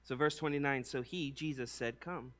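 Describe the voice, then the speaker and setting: A man preaching a casual sermon, slangy and conversational, telling the story with animated acted-out bits. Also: medium pitch, moderate pace.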